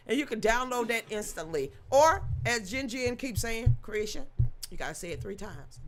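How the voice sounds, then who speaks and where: A woman's voice: a little high, sing-song, fairly quick, a bit bright. A woman hosting a livestream, chatting casually and joking with her viewers, with laughing asides. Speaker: livestream host.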